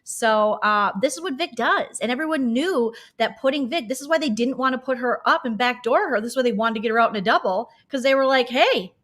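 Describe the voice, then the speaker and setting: A woman's voice: fairly high pitch, fairly bright tone. A woman co-hosting a casual reality TV chat, talking in an emphatic, opinionated way. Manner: opinionated, emphatic, rapid-fire. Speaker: co-host.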